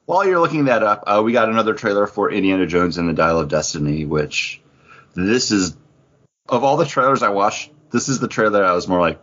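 A man's voice: lowish voice, a little fast, a bit bright, highs cut off. A man co-hosting a podcast, chatting casually in a rambling, jokey way. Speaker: podcast co-host. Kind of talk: casual chat.

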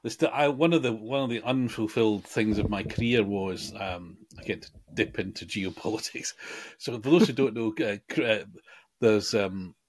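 A man's voice: on the low side, moderate pace, slightly rough. A man co-hosting a podcast in casual chat, joking and wandering off into self-deprecating digressions. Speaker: podcast co-host.

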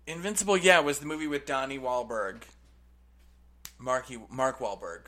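A man's voice: medium pitch, pushed and bright, a little hiss or hum. Joking podcast co-host man. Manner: joking, playful, quick back-and-forth. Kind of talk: casual podcast banter.

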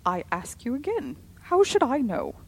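A woman voicing a rigid, sharp-tongued woman who speaks in a clipped, forceful way. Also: high voice, huge pitch swings, normal speed, vocal fry, breathy edge, voice pushed up, exaggerated voice. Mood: tense.

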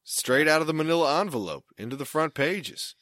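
A man's voice: fairly high pitch, animated, a little fast, fairly bright tone, dry recording, clean studio sound. A young man telling a casual, rambling story, often stopping and restarting mid-sentence. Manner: rambling, self-interrupting storyteller.

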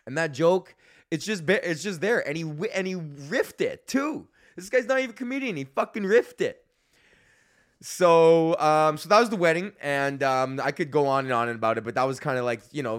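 A man who hosts a podcast and does stand-up, telling stories in a casual, profane rant and acting out the voices of the people in them. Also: fairly high pitch. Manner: animated, profane, acts out voices in his stories. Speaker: podcast host and comedian.

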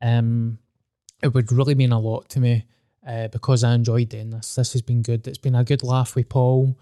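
A man's voice: medium pitch, little pitch movement, moderate pace, mellow, no room sound, studio quality. A young Scottish man hosting a casual podcast chat, candid, joking and swearing freely. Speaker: podcast host.

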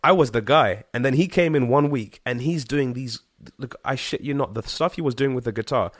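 A man from Zimbabwe, a guest singer-songwriter, telling a story in casual chat, animated and slangy, with frequent swearing and fillers. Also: mid-range voice, fairly quick, no room sound, studio quality.

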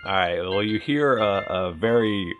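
A man's voice: fairly low pitch, unhurried, over music. A man running a tabletop game as game master, laid-back and teasing as he narrates.

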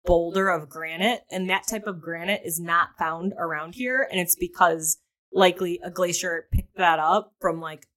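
A woman's voice: on the low side, moderate pace, a bit bright. A woman co-hosting a podcast in casual chat, explaining with lots of fillers and the odd swear. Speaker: podcast co-host.

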